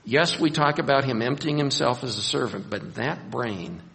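A man preaching a sermon in a gravelly voice, his words ringing out with a long hall reverb. He is animated and acts out scenes, raising his voice for emphasis. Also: medium pitch, normal speed, slight background noise.

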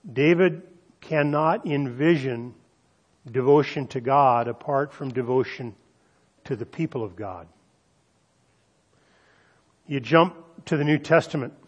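A male pastor delivering a sermon in a medium-pitched voice. He drags out the phrases he wants to land, then moves on in a conversational tone. He speaks straight to his listeners with asides and questions. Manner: emphatic preaching with slowed, stressed phrases and audience asides.

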